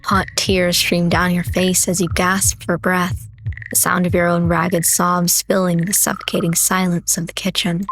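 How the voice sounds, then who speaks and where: A young woman streamer reading horror narration from a visual novel slowly and dramatically. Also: fairly low pitch, level tone, noisy background.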